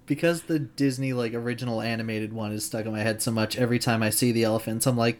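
A man's voice: medium pitch, fairly even intonation, fast, hardly any pauses. A man chatting casually on a podcast, easygoing and agreeable. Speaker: podcast co-host. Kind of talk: casual chat.

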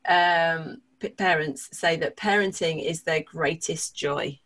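A woman's voice: sits low, slow, a bit bright. Giggly woman co-host. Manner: giggly, self-mocking, reads out stats. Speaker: podcast co-host. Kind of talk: casual chat.

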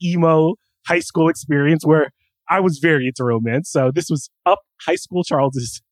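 A man's voice: on the high side, normal speed, no room sound. A man as a guest on a podcast over a video call, hyped and laughing, jumping into silly voices.

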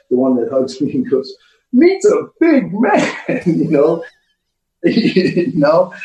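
Middle-aged man, guest, lively storyteller, warm mellow tone, a bit off-mic in an echoey room, muffled recording. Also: medium pitch. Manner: storytelling with put-on voices and laughs. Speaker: podcast guest. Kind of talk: animated casual chat. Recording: roomy, distant, muffled recording.

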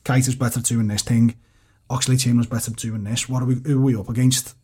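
A man's voice: medium pitch, fast talker, breathy edge. A man, chatting casually as a panelist on a football podcast, rambling and swearing freely. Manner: rambling, swears freely, animated when mimicking mates.

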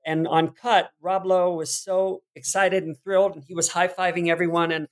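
Middle-aged man, podcast guest, higher voice, animated storytelling, easy laughs. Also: moderate pace. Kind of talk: casual interview chat.

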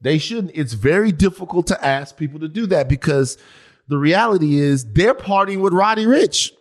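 Male podcast co-host, lively and jokey, voice sits a bit high, casual debating. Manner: animated, jokey, quick asides.

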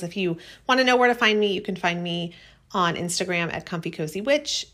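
Woman podcast host, mid-pitch voice, loose rambling solo chat. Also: a bit bright. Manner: rambling, chatty. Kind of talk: casual podcast monologue.

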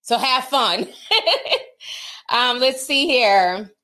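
A livestream host reads super chats aloud in a high-leaning, sharp-toned voice, drawing out her words. The stream is casual, and she talks candidly, laughing often and mixing in slangy asides.

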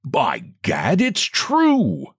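A rattled upper-class gentleman, breathless with excitement, as a man reads him. His voice leaps about with agitation. The sound is close and dry. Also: medium pitch, a little slow, breathy edge, dry recording, voice pushed up, heavily acted. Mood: excited.

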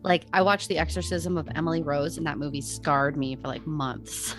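Female podcast co-host, deep voice, casual skeptic, quiet music bed. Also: fairly even intonation, normal speed. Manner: skeptical, hedging with "who knows" and "you know". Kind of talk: casual chat about hauntings.

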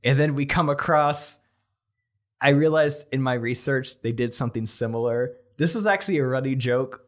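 A young man telling a comedic movie pitch on a podcast, laughing often and acting out the characters' lines. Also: moderate pace. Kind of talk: casual comedic storytelling.

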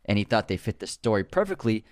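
A man co-hosting a podcast, reading film trivia in long relaxed runs and laughing easily. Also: fairly low pitch, quick pace, no echo, clean studio sound. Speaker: podcast co-host.

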